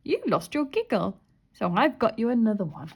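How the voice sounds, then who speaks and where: A woman's voice: on the high side, sing-song, moderate pace, a little hiss or hum. A woman voicing a friendly, cheerful man in a children's storybook. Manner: hopeful, chuckling.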